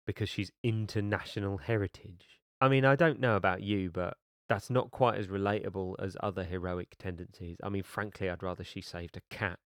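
Brief: a sarcastic man doing a read-along, low-voiced and exasperated. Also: steady tone, fairly quick, hardly any pauses, dry recording, studio quality. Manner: exasperated, mocking. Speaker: book reviewer reading aloud.

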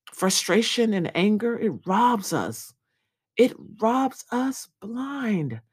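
A woman's voice: a little high, a little mellow. Earnest woman giving a devotional message. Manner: earnest, repetitive preaching cadence. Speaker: podcast devotional speaker.

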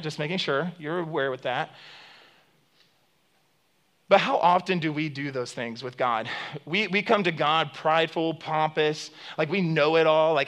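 A man's voice: fairly high pitch, a bit bright. A man preaching a sermon as pastor, conversational and joking with many fillers, retelling stories with emphatic rises.

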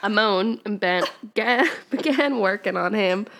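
A woman's voice: medium pitch, measured pace, a bit bright. A woman co-hosting a podcast, reading fan fiction aloud and often breaking into laughter and wry asides. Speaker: podcast co-host.

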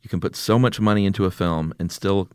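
A man's voice: sits low, fast talker, darkish tone, clear, resonant tone, no echo, clean studio sound. A man co-hosting a podcast in a casual, teasing chat. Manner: joking, teasing. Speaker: podcast co-host.

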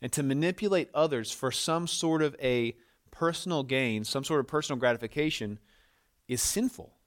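A man's voice: mid-range voice, moderate pace. A man preaching a sermon as a pastor, emphatic and repeating words to drive points home, with small restarts as he explains.

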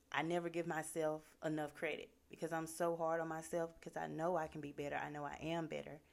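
A woman with a fairly low voice speaks in a casual motivational talk. She is earnest and conversational, and her sentences are full of "like". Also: gravelly, darkish tone. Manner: earnest, conversational, many fillers like "like".

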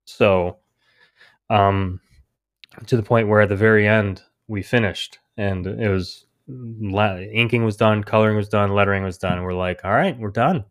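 A man, a guest on a podcast, telling a story in a rambling, animated way and quoting other people's words. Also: fairly low pitch, a little slow. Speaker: indie comic creator, guest. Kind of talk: casual storytelling interview.

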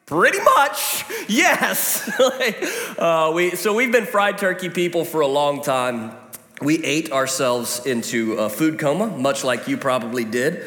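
A man preaching a sermon as pastor, telling stories with joking, lively asides. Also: on the high side. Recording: echoey hall.

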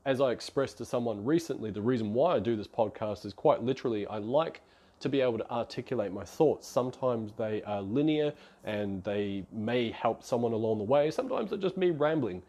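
A man's voice: medium pitch, animated, fairly quick, a little mellow. A man, hosting a solo podcast in a chatty, rambling, self-deprecating way. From New Zealand. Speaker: podcast host.

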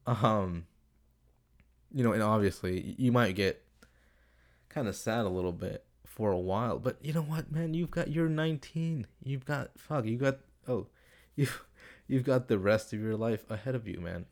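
A young man talks into his home setup in a low, gravelly voice, reading out listener questions for his casual advice podcast. He rambles, curses freely and keeps losing his thread. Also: normal speed. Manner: rambling, swears, gets off topic. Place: home room with window, street noise outside. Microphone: desktop computer setup.

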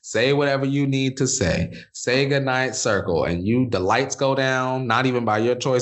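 A man chatting casually as a podcast guest, animated and sassy, jumping up into high exclamations. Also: normal speed, few pauses. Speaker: podcast guest, former reality show contestant.

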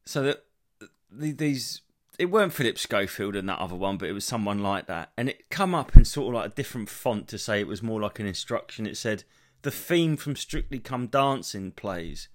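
A man's voice: lowish voice, brisk. Solo podcast host, man, thirties, sweary meandering storyteller. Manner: rambling, sweary, animated storytelling. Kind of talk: solo rambling comedy podcast.

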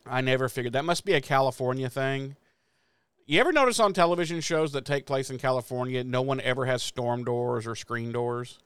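A man from the American Midwest chats through a TV episode, jumping into the characters' lines as he goes. His voice is smooth and resonant at a middle pitch. The recording is dry, with no room echo. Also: brisk. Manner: animated retelling with profanity and acted-out quotes. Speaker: podcast co-host. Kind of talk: casual episode recap chat.

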